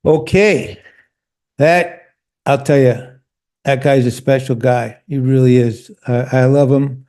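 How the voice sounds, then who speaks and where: A man's voice: mid-range voice, fairly even intonation, slow pace, darkish tone. A man hosting a casual interview, talking with enthusiasm while stumbling and repeating words as he goes. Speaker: host.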